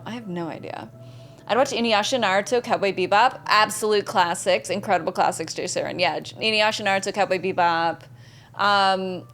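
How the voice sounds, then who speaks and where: A young adult woman streaming a game, casually chatting, greeting and thanking viewers by name and reading their messages aloud. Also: mid-range voice. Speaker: gaming streamer. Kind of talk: casual live-stream chat.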